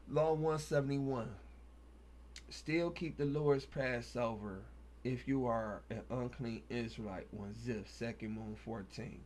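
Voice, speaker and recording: A man's voice: medium pitch, takes it slowly, darkish tone, a little hiss or hum. A man, hosting a casual Bible study, reading verses aloud and then riffing on them in loose, slangy talk. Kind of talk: casual scripture reading and commentary.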